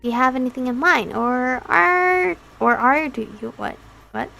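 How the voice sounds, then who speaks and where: A woman voicing a gruff, impatient young man in a visual novel, blunt and short-tempered. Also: high voice, lively intonation, unhurried, pushed and bright, soft background music, heavily acted, rough recording. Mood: curt.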